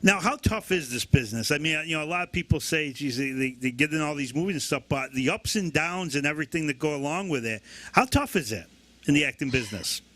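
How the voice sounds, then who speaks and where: A man's voice: fairly high pitch, animated, fast talker, fairly bright tone. A man hosting a casual interview, chatty and full of agreement. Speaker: host.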